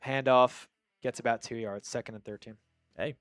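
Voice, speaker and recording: Hosting a live football watch-party stream, a Long Island man calls plays and keeps up casual chat, reading viewer messages out loud. His medium-pitched voice is steady, fairly quick, and a bit bright. Soft music sits behind the dry, studio-quality recording.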